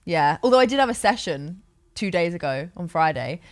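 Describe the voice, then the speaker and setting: A woman's voice: fairly low pitch, a little fast. A young woman on a podcast, chatting casually and acting out the lines of people in her stories. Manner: animated storyteller, acts out quoted lines. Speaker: podcast guest. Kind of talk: casual chat.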